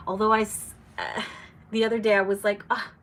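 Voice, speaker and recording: A woman's voice: medium pitch, brisk. Chatty woman hosting a live chat. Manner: chatty, reads viewer comments aloud, animated reactions. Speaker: livestream host.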